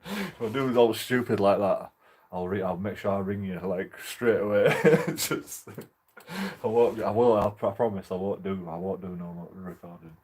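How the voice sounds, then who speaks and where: A man's voice: fairly low pitch, normal speed, a little mellow, husky. A young man rambling casually to his camera, laughing through his words. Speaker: auditor vlogger.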